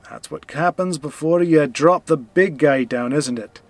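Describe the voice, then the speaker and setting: A man's voice: a little high, unhurried, hardly any pauses, no echo. A man streaming a card game, chatting casually and loosely, talking back at his opponent with mock outrage. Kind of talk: casual gameplay commentary. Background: faint game music.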